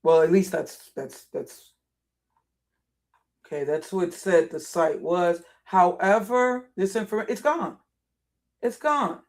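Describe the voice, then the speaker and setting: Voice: mid-range voice, takes it slowly, long pauses. A live streamer talking casually while browsing, thinking aloud, often repeating and restarting phrases as frustration builds.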